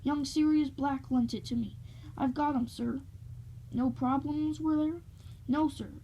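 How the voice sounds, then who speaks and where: A woman reading aloud, voicing a huge, soft-hearted giant man who speaks humbly and plainly. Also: high-pitched, fairly even intonation, a little slow, slight background noise, poor audio. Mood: humble. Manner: humble, plain-spoken, stammering when upset.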